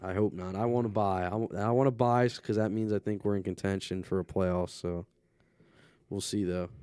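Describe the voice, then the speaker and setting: A man's voice: low-pitched, fairly even intonation, moderate pace, mellow, smooth, no echo. Chatty Philly man, dry mic. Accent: Philadelphia. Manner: chatty, jokey, laughs often. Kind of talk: casual sports chat.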